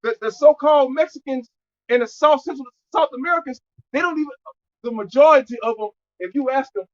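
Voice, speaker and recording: Male street preacher, high voice, loud and profane, muffled lo-fi recording. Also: brisk.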